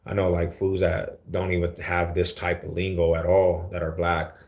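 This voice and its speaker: Very low-voiced East Denver man, slangy. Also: completely flat delivery, normal speed, a little mellow. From Denver, USA. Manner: laid-back slangy talk, calls people homie and fool. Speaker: livestream host. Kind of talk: casual livestream chat answering viewers.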